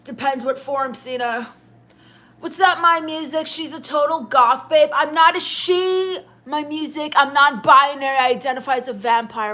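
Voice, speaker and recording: Deadpan high-voiced young woman. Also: moderate pace. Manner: deadpan, dismissive, sarcastic. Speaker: livestream host reading viewer chat. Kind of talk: in-character comedic livestream chat.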